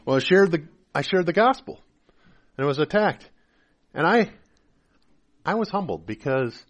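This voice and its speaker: A man preaching a sermon as a pastor, swinging between loud emphatic lines and quiet confessional asides, acting out the people he quotes. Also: medium pitch. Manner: acts out voices of people he quotes.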